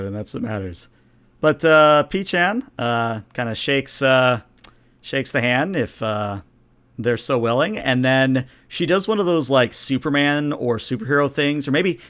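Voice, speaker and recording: A man's voice: mid-range voice, fairly bright tone. A man running a tabletop game as game master, narrating in a casual, rambling way. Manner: casual, rambling, many fillers.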